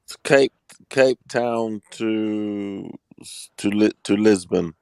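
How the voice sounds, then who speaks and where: Deep, gravelly man telling a story. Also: a little mellow, no room sound, studio quality. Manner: unhurried storytelling. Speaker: panel guest. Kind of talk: casual chat.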